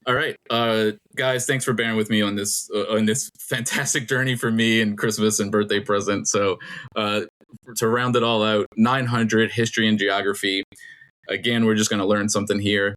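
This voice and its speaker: A middle-aged man hosting a casual podcast trivia quiz, rambling and laughing often as he reads clues slowly. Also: fairly low pitch, little pitch movement, fairly bright tone.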